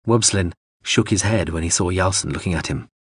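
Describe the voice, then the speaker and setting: Deep husky male audiobook narrator. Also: a little fast, no echo, clean studio sound. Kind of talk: scripted narration.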